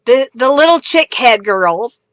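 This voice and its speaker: A woman with a high, bright voice hosts a live craft session in an unhurried, easygoing way. She reads out viewer comments and keeps breaking into laughter. The sound is close and dry, with no room echo. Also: expressive. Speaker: craft livestream host. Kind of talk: casual live chat. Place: home craft studio.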